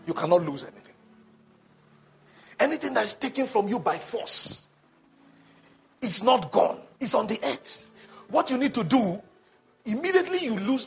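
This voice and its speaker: A male preacher delivering a call-and-response sermon that builds to shouting. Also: high-pitched, breathy edge.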